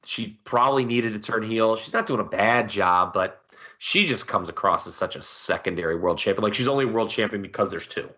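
A man's voice: on the low side, brisk, bright, forceful tone, lo-fi sound. A man co-hosting a casual podcast, giving emphatic, rambling opinions. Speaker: podcast co-host. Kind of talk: casual wrestling podcast chat.

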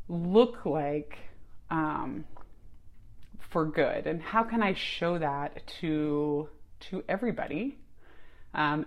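A woman hosting her own podcast, talking in a casual, reflective way with many fillers and restarts. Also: deep voice. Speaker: podcast host. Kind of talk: casual solo podcast talk.

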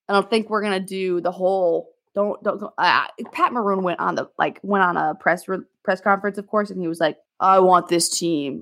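A woman's voice: mid-range voice, a bit bright. Exasperated ranting woman sports fan. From Minnesota. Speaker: podcast guest. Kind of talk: casual sports chat.

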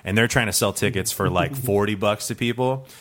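A man with a low voice tells a true story as a guest on a comedy podcast. He rambles, piles on fillers and restarts, and keeps laughing at his own tale. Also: brisk, fairly bright tone.

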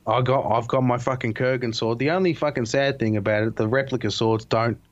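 A man's voice: medium pitch, fairly quick, no room sound, lo-fi sound. A man in casual chat, laid-back and swearing constantly, with frequent restarts.

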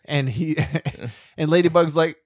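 A man's voice: on the high side, unhurried, no echo, clean studio sound. A man co-hosting a casual podcast, chatting enthusiastically about a movie and swearing casually. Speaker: podcast co-host. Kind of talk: casual movie review chat.

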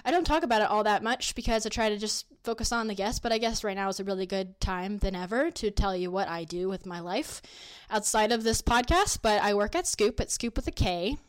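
A woman hosting her own podcast, chatting casually with lots of fillers and restarts as she pitches products in an upbeat way. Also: brisk, few pauses, clean tone. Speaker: podcast host. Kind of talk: casual solo podcast talk.

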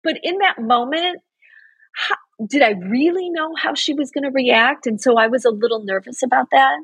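A woman's voice: sits high, moderate pace, fairly bright tone, slightly rough, dry recording, low-quality recording. A middle-aged woman, a TV news anchor, earnestly telling a heartfelt personal story in an interview.

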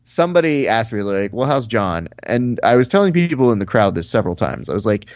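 A man co-hosting a casual podcast, telling animated stories, swearing and acting out what people said. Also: fairly low pitch, fairly quick, no echo, muffled recording. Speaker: podcast co-host.

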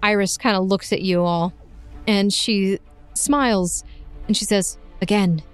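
A woman's voice: mid-range voice, unhurried, smooth, dry recording. Woman, game master, tabletop narration, playful, light music underneath. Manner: lively, playful narration with frequent laughs.

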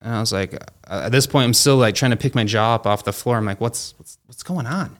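Smooth-voiced man telling a story casually. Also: fairly low pitch, fast talker. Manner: chatty, many fillers like "like" and "you know"; acts out quoted dialogue in his stories. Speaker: company founder and guest.

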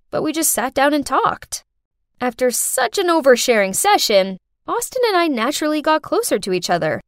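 A woman telling a first-person story, with an expressive, dramatic delivery. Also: a little high, dry recording, studio quality.

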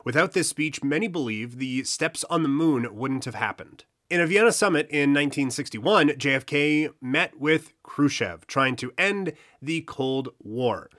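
A man's voice: mid-range voice, expressive, measured pace, few pauses, fairly bright tone. A man with a Boston accent, tinged with Texas, co-hosting a casual history chat and reading from notes with easy laughs. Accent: Boston with a touch of Texas. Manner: laid-back, chuckling, hesitant restarts. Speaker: podcast co-host.

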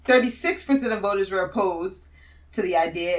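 A young woman in casual political chat, loose and quick to laugh, with many fillers. She sounds a little off-mic, with her middling pitch carrying from a step back. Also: recorded from a distance. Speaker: podcast co-host.

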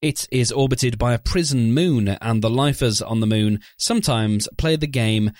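A man's voice: mid-range voice, moderate pace, darkish tone, dry recording. A man hosting a podcast, reading a sponsor spot and chatting with dry, wry asides. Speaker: podcast host. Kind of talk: ad read and casual chat.

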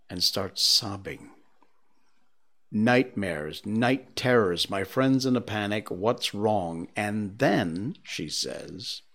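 A male stream host who reads strange stories aloud in a casual chat. He takes his time, and his pitch swings widely as he tells them. He drops in spooky little asides between the stories. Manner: slow, animated reader with spooky asides. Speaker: livestream host.

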